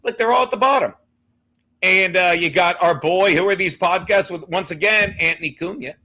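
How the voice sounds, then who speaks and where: A man's voice: high-pitched, moderate pace, pushed and bright. A man hosting a casual livestream chat, bantering in a brash, profane way and laughing often. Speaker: host.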